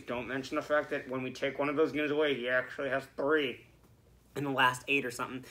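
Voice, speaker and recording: Speaking at a moderate pace in a mid-range voice, a young podcast co-host rehashes a hockey game. His casual talk rambles, swears freely, and shifts from mumbling to outright shouting.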